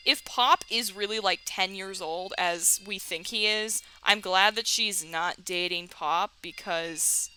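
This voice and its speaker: A woman's voice: mid-range voice, sharp tone, slight background noise, rough recording. A young woman hosting a let's play, chatting casually and reading game text aloud with jokes.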